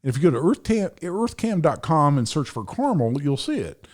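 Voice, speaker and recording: On a podcast, a middle-aged man who works as a firearms attorney spins a story in a sing-song voice that sits on the high side, at a moderate pace. He swears, hits his points hard, and performs each character's voice.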